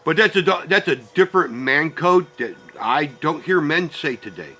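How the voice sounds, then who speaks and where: A man's voice: a little high, lively intonation, normal speed, bright, forceful tone. A middle-aged man ranting bluntly and profanely in a personal monologue about family and parenting. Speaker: vlogger.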